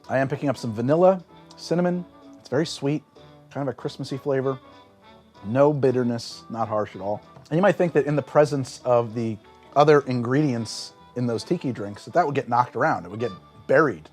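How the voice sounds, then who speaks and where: A man hosting a cocktail show, explaining a drink's history in an animated storytelling way and describing flavors aloud as he tastes. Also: mid-range voice. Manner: animated storytelling with big swings in emphasis. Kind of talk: conversational explainer.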